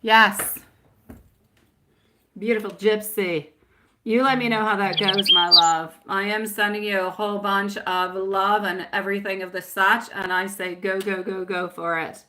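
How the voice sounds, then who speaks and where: Bright, chatty woman tarot reader. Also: medium pitch, fairly even intonation, unhurried, slight background noise. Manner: affectionate, sprinkles endearments like my love and sweetie pie; chatty, laughs often. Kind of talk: casual live-stream chat.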